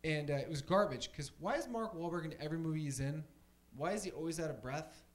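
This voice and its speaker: A man's voice: on the high side, fast talker. Young man rambling through a stand-up set. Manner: rambling, filler-heavy, casual. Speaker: stand-up comedian. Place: comedy club stage.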